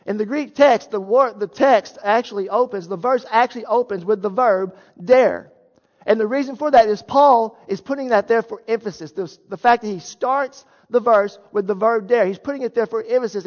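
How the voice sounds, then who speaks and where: A man's voice: sits high, moderate pace, a little mellow. A male pastor preaching a sermon, explaining a Bible passage in an earnest, emphatic way and pressing his points with rhetorical questions. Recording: echoey hall, dull lo-fi sound.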